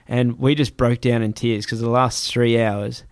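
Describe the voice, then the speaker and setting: A man telling a travel story in casual chat, animated and swearing, acting out other people's voices. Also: medium pitch, measured pace, no echo.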